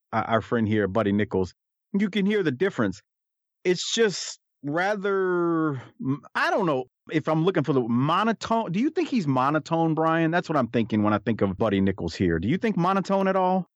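A man's voice: on the high side, sing-song, normal speed, no echo. Male podcast co-host, chatty and conversational, dry and dull-sounding recording. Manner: chatty, thinks aloud. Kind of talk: casual conversation about old wrestling footage.

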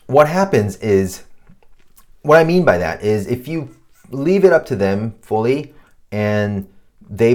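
A man's voice: on the low side, a little mellow. Profane ranting podcast host, a man. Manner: swears a lot, ranting, mocks clients in put-on voices. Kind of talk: casual profane advice monologue.

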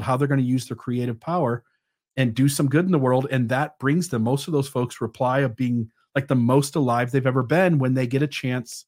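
A man's voice: medium pitch, a little mellow. A man in his mid-forties with a mid-range voice talks as a podcast guest. He explains his ideas at length, thoughtfully and with occasional fillers. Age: 40s. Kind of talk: conversational interview.

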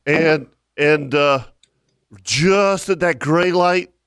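A man's voice: a little high, very slow, fairly bright tone, smooth, no echo, clean studio sound. Rambling man telling hunting stories. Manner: rambling, repeats words, laughs through stories. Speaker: podcast host. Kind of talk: casual storytelling chat.

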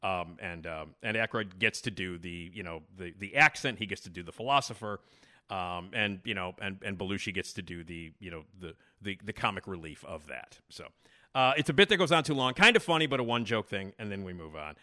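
A man's voice: sits low, animated, a little fast, bright, forceful tone. A male podcast host giving rambling casual commentary with lots of fillers.

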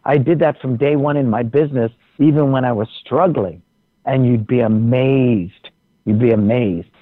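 A man's voice: mid-range voice, normal speed, no echo. A man speaks passionately as a podcast guest, pressing his points with preachy emphasis. His voice comes through a narrow, phone-like line that sounds dry and close. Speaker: guest, martial arts teacher. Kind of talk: casual conversation. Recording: tinny phone-like remote line.

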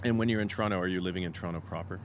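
A man interviewing a guest at an outdoor theatre venue, relaxed, asking short questions with "um" pauses. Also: low-pitched, slight background noise. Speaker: interviewer and show musician. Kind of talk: casual interview chat.

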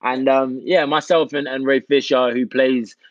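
A British man, an actor, chatting casually as an interview guest, relaxed and full of "you know" and "man". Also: medium pitch, a little slow, dry recording, dull audio. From England.

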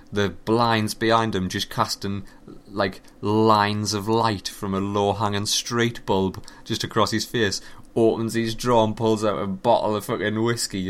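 A man giving a casual, animated and profane running commentary on video games. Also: lowish voice. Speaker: gaming commentator.

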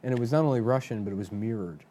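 A man's voice: mid-range voice, racing, dark tone, slight background noise. A man in casual podcast chat, crude and jokey, riffing on pop culture. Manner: crude, jokey, riffs in silly voices.

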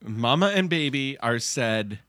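Lively playful man recapping a show. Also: a little slow, no echo, studio quality. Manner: playful, mimics lines in a high put-on voice. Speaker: podcast co-host. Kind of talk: casual chat recapping a TV episode.

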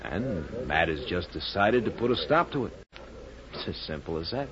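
A man's voice: low-pitched, big pitch swings, moderate pace, a crowd in the background. A man playing a vain, theatrical informer in a 1940s radio drama, dramatic and self-mocking. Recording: dull old radio broadcast.

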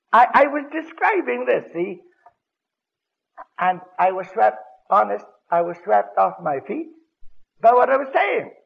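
An older man preaching a sermon on a radio broadcast, telling stories dramatically with sudden loud bursts, on a dull lo-fi old recording. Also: sits high, creaky. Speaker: evangelist preacher.

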